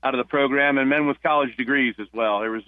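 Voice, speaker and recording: A man from New Jersey, a retired police officer, telling stories as a guest on a phone-in radio interview, with halting restarts. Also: mid-range voice, no room sound. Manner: warm storyteller, halting restarts. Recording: tinny phone line.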